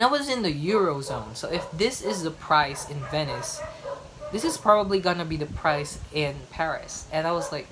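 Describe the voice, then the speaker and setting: Over a noisy background, a young adult woman from the Philippines chats on a vlog in a low, expressive voice at a moderate pace. She's emphatic and often repeats herself for effect.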